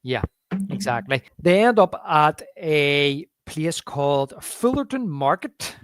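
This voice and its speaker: A man's voice: a little high, very animated, no echo, clean studio sound. A man co-hosting a movie podcast, chatting casually and stumbling through restarts while he retells scenes. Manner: halting, many restarts, acts out movie quotes. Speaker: podcast co-host. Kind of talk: casual movie review chat.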